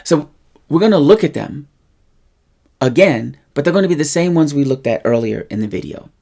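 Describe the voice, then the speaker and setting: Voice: mid-range voice, expressive, moderate pace, gravelly, mellow. A language teacher talking through a casual lesson, explaining patiently and checking in with the listener often. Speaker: Spanish teacher.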